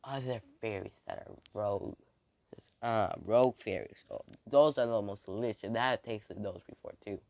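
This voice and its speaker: A man voicing an ancient, servile white serpent that is always hungry and talks in a hushed, low, breathy voice. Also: moderate pace, no echo, lo-fi sound.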